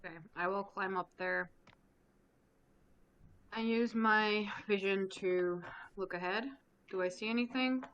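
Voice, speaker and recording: A woman with a mid-range voice, playing in a tabletop game. She talks briskly and keeps things playful and matter-of-fact. Her delivery is plain and conversational. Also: mid-range voice, fairly bright tone, lo-fi sound, slight background noise. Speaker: player. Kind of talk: casual tabletop play.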